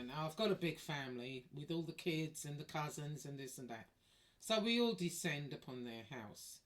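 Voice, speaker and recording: A woman telling a personal story in a chatty, wry way, swearing freely. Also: a bass voice. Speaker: vlogger. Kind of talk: casual storytelling.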